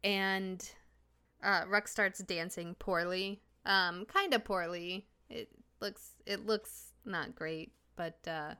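Woman, tabletop game player, slow and halting, crisp smooth tone. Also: mid-range voice. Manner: relaxed, hesitant with fillers.

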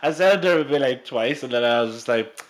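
A man's voice: mid-range voice, expressive, fast talker. A young man co-hosting a podcast, chatting casually with a friend, laughing and swearing. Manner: laughing banter, swearing, local slang. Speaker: podcast co-host. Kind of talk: casual chat.

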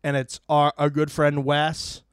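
Animated man recapping with lots of mimicry. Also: fairly high pitch, a little slow, clear, resonant tone, no room sound, studio quality. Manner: animated storyteller who acts out quotes and mimics fake laughter. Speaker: podcast co-host. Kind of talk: casual chat recapping a reality show.

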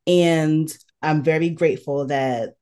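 Woman podcast host, pretty low voice, candid storytelling, casual chat. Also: steady tone, takes it slowly, warm tone. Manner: candid, storytelling with acted-out quotes.

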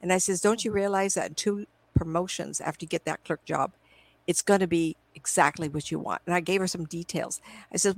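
Gravelly middle-aged woman telling stories. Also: on the low side, a little fast, dry recording, rough recording. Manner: rambling, chatty, quotes her own past conversations. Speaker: psychic medium guest. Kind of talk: casual storytelling in a live video interview. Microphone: computer video call.

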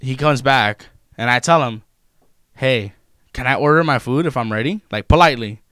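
A young man, telling stories in a loose, profane, animated way in casual chat. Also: mid-range voice, moderate pace, clean tone, dry recording, studio quality. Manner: profane, animated retelling of customer-service run-ins.

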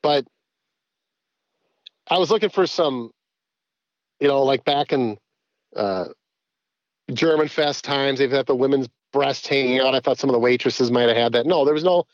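A man's voice: mid-range voice, normal speed, long pauses, dry recording, lo-fi sound. A man chatting as a podcast guest, rambling with many restarts. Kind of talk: casual podcast chat.

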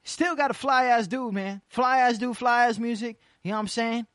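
An internet radio host rattling off quick, slangy shout-outs in casual, hyped chatter. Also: medium pitch, fairly even intonation, dry recording, studio quality. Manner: rapid repeated shout-outs, loose slangy banter.

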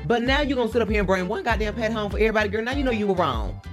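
A co-host trades quick quips in a casual recap chat, and the voice swings widely in pitch. Clear music plays in the background. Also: sing-song. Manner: quick reactive quips and laughter.

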